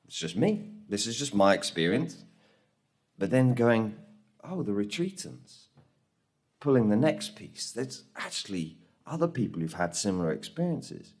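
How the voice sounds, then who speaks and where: Man, very low voice, conference speaker, animated storytelling, from England. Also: unhurried, husky. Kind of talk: conference talk. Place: conference room.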